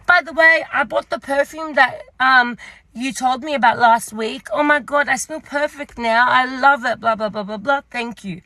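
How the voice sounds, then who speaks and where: A hesitant, caring young female shop worker, the voice raised a little and bright, as a woman quotes her in a story. The tone is gravelly and sharp-edged. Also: high-pitched, normal speed, no room sound, poor audio. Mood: concerned.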